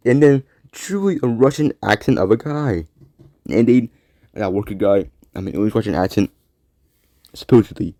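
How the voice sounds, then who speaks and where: A man with a lowish, warm, mellow voice hosts a casual solo talk show. He rambles from thought to thought, repeats words and lets sentences trail off into quiet mumbles. The sound is dry and close. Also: lively intonation, moderate pace, no room sound. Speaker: podcast host.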